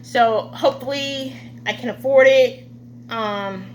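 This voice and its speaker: A woman vlogger talking through an indignant monologue, halting often with fillers. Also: fairly high pitch, a little hiss or hum. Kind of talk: casual opinion monologue.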